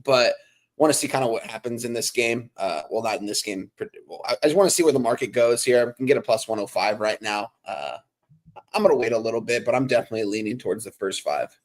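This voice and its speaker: Fast-talking man thinking aloud on bets. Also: mid-range voice, lively intonation. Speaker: co-host. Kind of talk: casual sports betting chat.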